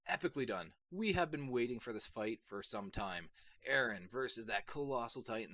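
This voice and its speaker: A young man reviewing an anime episode on his channel, rambling casually with lots of fillers and bursts of excitement. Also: fairly low pitch. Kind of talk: casual solo video review.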